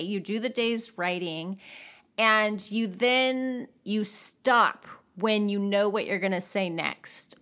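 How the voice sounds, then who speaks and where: Chatty, expressive woman podcast host. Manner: chatty and expressive, with jumps in pitch. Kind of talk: casual solo podcast talk.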